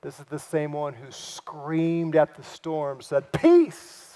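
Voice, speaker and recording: A man preaching a sermon, acting out quoted lines and swinging from loud cries to hushed, near-whispered passages. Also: on the high side, slow pace. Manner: acts out quoted lines in lively voices. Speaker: pastor.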